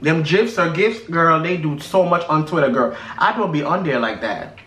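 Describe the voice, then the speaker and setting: A man's voice: fairly high pitch, lively intonation, normal speed, a bit bright. Sassy guy gossiping on a food vlog, says girl and honey a lot, echoey room. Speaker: vlog co-host. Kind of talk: casual chat while eating. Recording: roomy echo.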